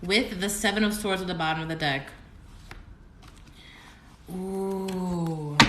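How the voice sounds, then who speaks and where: A woman giving a casual tarot reading to camera, who swings from low murmuring to squealing excitement and swearing. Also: drawn-out words, pauses often. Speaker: tarot reader. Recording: roomy echo, faint background noise.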